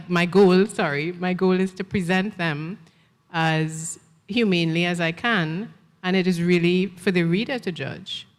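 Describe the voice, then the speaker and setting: A woman author with a Trinidadian accent, speaking in a measured, thoughtful way. Her voice sits a little low, and a long reverb trails off it in a large hall. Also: fairly bright tone. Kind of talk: reading her fiction then festival Q&A. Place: festival stage in a large hall.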